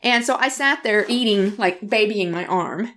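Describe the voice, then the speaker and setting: A middle-aged woman co-hosting a podcast, telling a story in a casual, animated way with frequent laughter and acted-out quotes. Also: medium pitch, normal speed. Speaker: podcast co-host.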